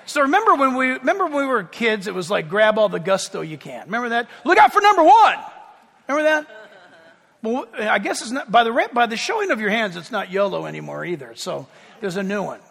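Preaching a sermon in a reverberant church hall, this male pastor has a high, bright voice that carries, though it's gravelly and slightly rough, and he talks fast. He's animated, shouting to mimic crowds and joking with the congregation, while the sanctuary adds a long echo.

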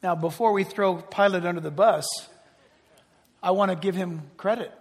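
Male preacher, high voice, dramatic swings from loud to hushed, in a big reverberant church. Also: moderate pace. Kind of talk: sermon. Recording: long reverb of a large hall.

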